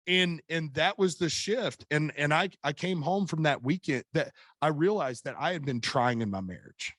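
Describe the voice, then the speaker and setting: A man's voice: on the high side, animated, normal speed, fairly bright tone, no room sound, clean studio sound. A middle-aged man, a podcast guest, tells a personal story earnestly in casual chat, often restarting his sentences. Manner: earnest storytelling with many repeated starts. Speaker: podcast guest, author and coach.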